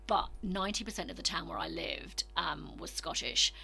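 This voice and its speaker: Woman host from britain, raspy bright voice, laughs a lot, casual chat. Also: fairly low pitch, faint music behind. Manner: chatty, laughs often, quick asides.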